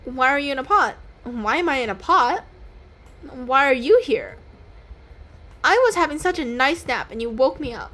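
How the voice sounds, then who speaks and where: A woman voicing a sleepy, laid-back young frog lounging in a warm pot, reading its lines aloud in a game. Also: high-pitched, big pitch swings, normal speed. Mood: lazy.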